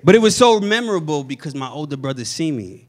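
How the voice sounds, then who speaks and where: Animated New York comedian on stage. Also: male voice, fairly high pitch, quick pace. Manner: animated storytelling, loud punchlines, acts out family members. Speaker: stand-up comedian. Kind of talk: stand-up set. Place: comedy stage before a live audience. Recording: audience laughter behind.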